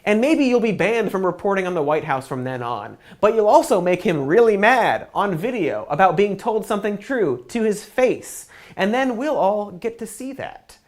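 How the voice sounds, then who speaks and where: A woman's voice: mid-range voice, expressive, normal speed. Sarcastic woman doing comedic news rants. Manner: sarcastic, profane, exasperated.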